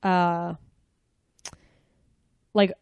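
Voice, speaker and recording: A woman's voice: on the low side, little pitch movement, drawn-out words, creaky, a little mellow, clear, resonant tone, dry recording, muffled recording. A woman hosting a casual interview, curious and asking probing follow-up questions. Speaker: host.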